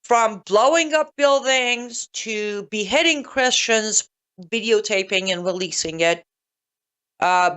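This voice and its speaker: A woman hosting a solo political commentary show, speaking emphatically and sarcastically and addressing listeners directly, with sharp swings in pitch.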